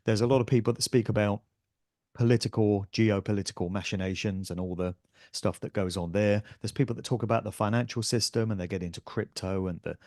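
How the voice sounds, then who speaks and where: A man's voice: lowish voice, darkish tone, no echo, clean studio sound. A man guesting on a podcast interview, talking in an earnest, emphatic way as an author and speaker.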